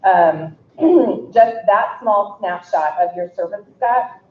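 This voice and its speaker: A middle-aged woman, an executive director, giving a casual, halting tribute speech with fillers and throat clearing. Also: medium pitch. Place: indoor event hall. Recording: echoey, dull hall recording with faint noise.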